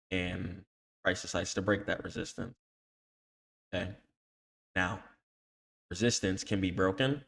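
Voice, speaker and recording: A trading educator runs a screen-share chart tutorial, his low, gravelly voice carrying a fairly bright tone. He teaches in casual slang and tacks "okay?" onto almost every point, scolding emphatically when he warns against emotional trading.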